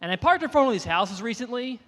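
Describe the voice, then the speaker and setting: A man doing a stand-up comedy set before a live audience, telling animated self-deprecating stories. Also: extremely high pitch, fast talker. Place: live venue with audience, reverberant room. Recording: live venue with long reverb.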